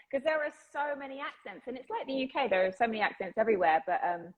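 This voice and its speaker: A woman's voice: sits high, fairly quick, narrow, tinny audio. A woman with an English accent, chatting enthusiastically as an actress being interviewed and laughing often. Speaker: actress guest. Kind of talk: casual interview chat.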